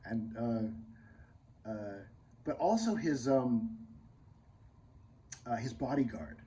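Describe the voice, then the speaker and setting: Poor audio captures this channel host's medium-pitched, slightly rough voice, which is animated but slow. He wanders through a casual monologue full of fillers and restarts, swinging between loud remarks and muttered asides.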